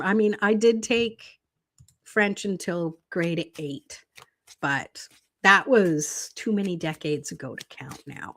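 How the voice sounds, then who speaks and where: A middle-aged woman hosting a tarot live stream, chatting casually, laughing often and reading viewer comments aloud. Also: mid-range voice.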